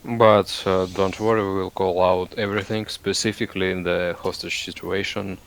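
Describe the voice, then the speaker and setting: A man's voice: sits low, little pitch movement, normal speed, a little hiss or hum. A man helping lead a game raid over voice chat, easygoing and joking with small hesitations, on a headset.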